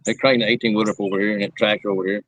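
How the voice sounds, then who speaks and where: A man's voice: lowish voice, fairly even intonation, racing, dry recording, poor audio. A man hosting a casual chat, rambling and laughing often as he tells stories. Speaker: show host.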